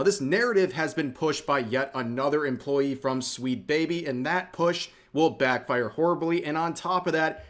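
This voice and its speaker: A man narrating a scripted commentary video in a measured, steady reading. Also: a little high.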